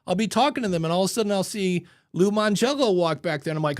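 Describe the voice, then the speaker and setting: A man's voice: on the high side, quick pace, few pauses, no room sound, clean studio sound. A man hosting a podcast, chatting casually and acting out the voices in his stories. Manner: animated storyteller acting out quotes. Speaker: podcast host. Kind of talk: casual conversation.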